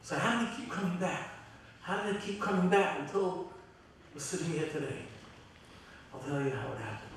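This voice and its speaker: A middle-aged man, a rabbi, giving a heartfelt, halting eulogy with many restarts. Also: on the high side, slight background noise. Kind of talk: eulogy at a memorial gathering. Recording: very echoey hall from far off.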